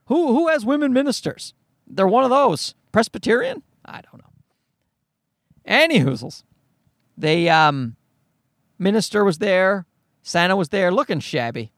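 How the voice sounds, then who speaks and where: A man with a high, lively voice rambles through a comic story as a podcast host. He swears freely and keeps a sarcastic edge. The sound is close and dry. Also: unhurried, pauses often, no room sound. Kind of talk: comedic storytelling monologue.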